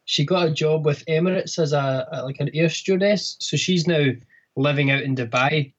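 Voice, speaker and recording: Halting Scottish man, muffled line. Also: fairly high pitch, breathy edge. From Scotland. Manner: halting, many restarts. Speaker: bagpipe band member. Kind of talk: casual interview.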